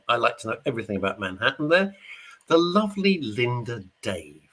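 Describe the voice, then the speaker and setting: A man's voice: medium pitch, very animated, a little fast, fairly bright tone. A middle-aged man hosting a radio show, chatting casually and jokingly while reading out listener messages. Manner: chatty, jokey, rambling. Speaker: radio host. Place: studio.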